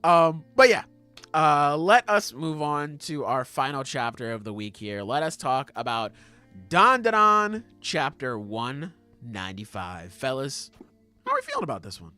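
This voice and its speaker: A man's voice: medium pitch, huge pitch swings, a little slow, bright, forceful tone, clean tone, soft background music. A man hosting a podcast in casual chat, joking crudely and laughing often. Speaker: podcast host.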